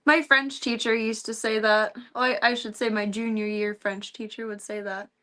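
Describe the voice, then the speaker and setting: A woman's voice: on the high side, little pitch movement, moderate pace, a bit bright. A young woman streamer chatting casually at home, rambling and cooing baby talk at her cats. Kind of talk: casual chat while streaming.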